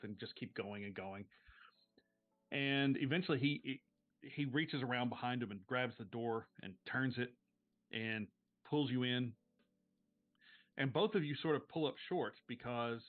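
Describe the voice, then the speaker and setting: Male game master on a tinny stream. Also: mid-range voice. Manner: casual, filler-heavy narration. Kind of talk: narrating a tabletop role-playing game. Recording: tinny phone-like stream audio.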